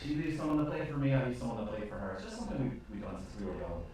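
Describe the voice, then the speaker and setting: A man's voice: medium pitch, expressive, slight background noise, pitched above the performer's own voice, close to an everyday voice. A man playing bubbly twin tavern keeper sisters. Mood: cheerful. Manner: bright, bubbly, quick back-and-forth. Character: twin sister tavern keepers, cheerful, finishing each other's sentences. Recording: echoey room, distant mic.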